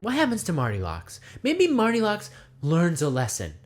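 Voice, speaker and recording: A man's voice: sits high, wildly swooping pitch, soft background music. A man delivering a rambling satirical monologue, speaking of himself in the third person and firing off rhetorical questions. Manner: acts out voices in quick asides. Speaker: comedy video essayist.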